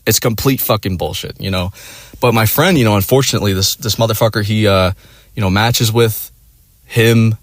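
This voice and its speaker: Profane, rambling man with a lowish, dry voice. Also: normal speed, no room sound. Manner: profane, rambling, full of "like" and "you know"; animated, acts out friends in quoted voices. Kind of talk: casual storytelling.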